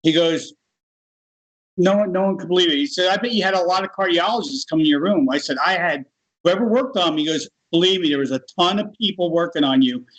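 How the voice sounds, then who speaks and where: An American man in middle age tells his story casually and with feeling. His voice sits a touch high, and he laughs as he goes. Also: fast, low-quality recording. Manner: animated, laughs while telling. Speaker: guest.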